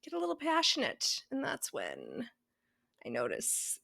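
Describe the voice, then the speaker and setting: A woman's voice: on the high side, huge pitch swings, unhurried, creaky, sharp tone, no room sound, clean studio sound. A woman with a Boston accent co-hosting a podcast in a casual, chatty, rambling way. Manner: chatty and playful, rambling with fillers. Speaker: podcast co-host. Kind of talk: casual chat.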